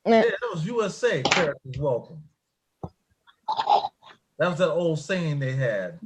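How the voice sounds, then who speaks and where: A man's voice: a little high, big pitch swings, a little slow, noisy background. A man who drives an airport shuttle bus, telling jokey work stories in casual chat and laughing often at his own wordplay.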